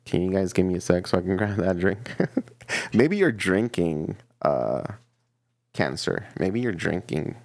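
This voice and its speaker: A man giving a casual, playful tarot reading to his viewers, chatty and quick to laugh. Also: sits low, lively intonation, creaky, dry recording. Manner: chatty and playful, laughs often, repeats himself. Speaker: tarot reader.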